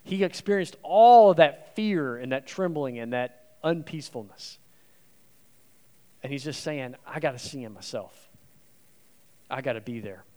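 Guest preacher, male, slightly high voice, earnest and emphatic, long church reverb. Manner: earnest, emphatic, acts out quoted speech. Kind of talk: conversational sermon. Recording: long reverb of a large hall.

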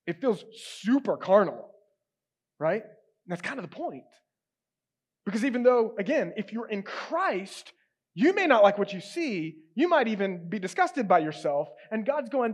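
Conversational man preaching with soft dips. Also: high-pitched, big pitch swings, unhurried. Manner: conversational, emphatic, drops to soft quiet tones. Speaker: pastor. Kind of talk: sermon.

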